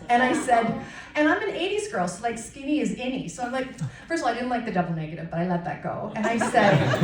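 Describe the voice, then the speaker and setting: A middle-aged woman performing a stand-up routine, telling stories in an animated, self-mocking way on a comedy club stage. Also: a little high, moderate pace. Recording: distant mic in an echoey room with a loud crowd. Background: audience laughter and cheers.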